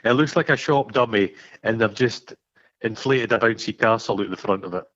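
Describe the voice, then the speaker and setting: A man's voice: on the low side, fairly bright tone, muffled recording. A man co-hosting a casual film podcast, teasing and stumbling through restarts as he recaps scenes. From Scotland. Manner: halting, stammering restarts, teasing. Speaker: podcast co-host.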